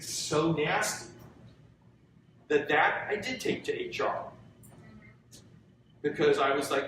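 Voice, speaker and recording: A man's voice: fairly high pitch, very animated, unhurried, pauses often, fairly bright tone, far from the mic, a little hiss or hum. Earnest man lecturing in a very echoey hall. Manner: earnest, conversational, poses questions to the audience. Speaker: guest lecturer. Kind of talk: public talk to students. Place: lecture room.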